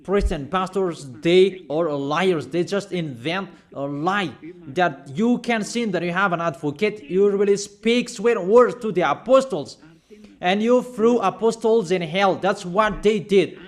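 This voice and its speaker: Male preacher, high voice, insistent sermon delivery with repeated warnings. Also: a little slow.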